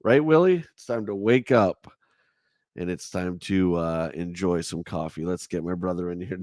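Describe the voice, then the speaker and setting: Nasally guy hosting a chill morning stream, low-ish voice, dry close sound. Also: moderate pace, dry recording. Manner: relaxed, chatty, laughs easily. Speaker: livestream host. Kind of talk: casual morning chat.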